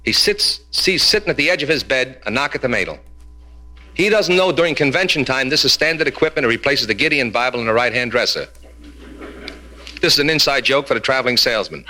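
A man doing stand-up comedy, telling quick jokes with Yiddish punchlines and slipping into character voices. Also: medium pitch, animated, sharp tone. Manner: rapid storytelling, drops into Yiddish phrases and character voices. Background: audience laughter.

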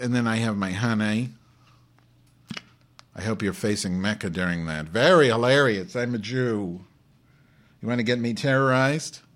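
A crude, abrasive Jewish woman host, played by a man, who rambles through a live webcast in profane rants. The voice sits fairly low for a man's. The tone stays irritable and unpolished, typical of improvised comedy. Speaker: host of a live online show.

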